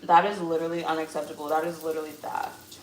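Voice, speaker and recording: A woman's voice: sits low, flat delivery, fast talker. A young woman hosting a casual live cooking stream from her home kitchen, chatty and blunt, with casual swearing. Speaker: livestream host. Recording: roomy kitchen echo, faint background noise.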